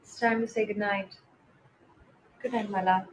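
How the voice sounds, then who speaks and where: A woman, chatting casually on a live stream. She greets viewers by name, blows kisses and gives soft, encouraging pep talks. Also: medium pitch, fairly even intonation, moderate pace, slight background noise, rough recording. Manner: switches between English and Hindi.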